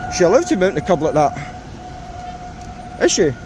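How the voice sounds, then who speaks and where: A man's voice: high voice, wildly swooping pitch, measured pace, noisy background. Mocking British man filming outdoors. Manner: mocking, indignant, talks to camera. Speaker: auditor filming police. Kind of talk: casual vlog commentary to viewers. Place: outdoors on a street.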